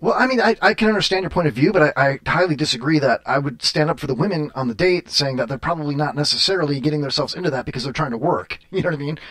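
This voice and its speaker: Guy hosting a podcast, kinda high voice, keeps saying uh and cracking up, crude jokes. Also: racing, few pauses, fairly bright tone. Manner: rambling, full of "uh" and laughter, crude jokes. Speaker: podcast host. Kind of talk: casual podcast chat with callers.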